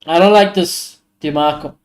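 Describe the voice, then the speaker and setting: A man's voice: fairly high pitch, normal speed. A man hosting a live football watchalong stream, giving blunt, opinionated reactions and swearing often.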